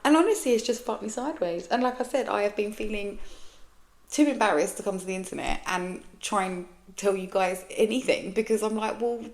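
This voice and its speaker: A woman's voice: medium pitch, brisk. A woman in her forties talking alone on her podcast, frank and rambling, swearing freely and often restarting or trailing off mid-thought. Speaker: podcast host. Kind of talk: candid solo podcast monologue.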